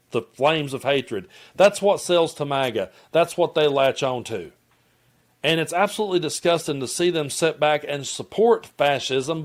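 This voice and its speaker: A man with a Southern accent delivers heated political commentary straight to his viewers. His voice sits a bit high for a man, and he presses his points with blunt conviction. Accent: Southern American. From Tennessee. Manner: impassioned, addresses viewers as folks.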